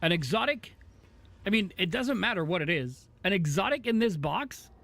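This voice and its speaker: A man streaming a video game, chatting casually with excitable, rambling asides. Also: high-pitched, moderate pace, vocal fry, dry recording. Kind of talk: casual gaming stream chat.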